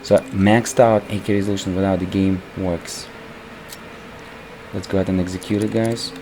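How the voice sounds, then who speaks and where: Low, flat, hoarse man talking tech. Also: normal speed, background noise. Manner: keeps calling the viewers "guys", rambling with restarts. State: hoarse, voice worn from recording. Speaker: PC gaming channel host. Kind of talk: casual gameplay tech commentary.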